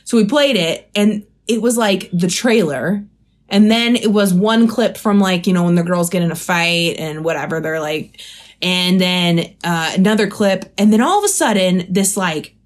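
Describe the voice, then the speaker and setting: A woman co-hosting a casual chat podcast, telling stories in an animated, giggly way. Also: fairly low pitch, moderate pace. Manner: giggly, animated storytelling, swearing freely. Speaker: podcast co-host.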